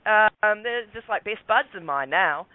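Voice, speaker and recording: A man's voice: sits high, animated, unhurried, no echo. A man telling a rambling story as a radio guest, with many fillers and restarts. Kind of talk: casual storytelling. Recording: dry tinny phone line.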